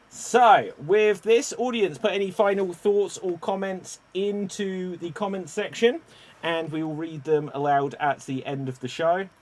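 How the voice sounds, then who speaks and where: A man hosts an online improv comedy game with a slightly raised voice. He talks at an unhurried pace and breaks into loud, animated exclamations. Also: a little high. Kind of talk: lively online improv show hosting.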